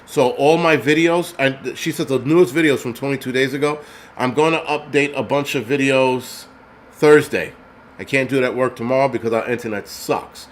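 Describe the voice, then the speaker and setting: A man's voice: medium pitch, moderate pace, slight background noise. A man vlogging, delivering an angry, profane, rambling rant to his viewers. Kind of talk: casual rant to camera.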